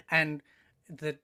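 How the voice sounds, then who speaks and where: A man in casual podcast talk as a guest writer, thoughtful and hesitant, with many fillers. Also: sharp tone.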